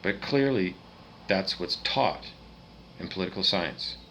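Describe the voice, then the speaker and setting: A man's voice: sits low, expressive, a little slow, bright, forceful tone, slight background noise, poor audio. Profane, agitated ranting man. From Canada. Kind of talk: angry rant monologue.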